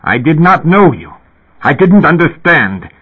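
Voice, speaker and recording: A man's voice: medium pitch, big pitch swings, normal speed, slightly rough. A man reading the part of an angry, fearful old man in a raised, urgent voice, heard through a narrow-band radio sound. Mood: furious.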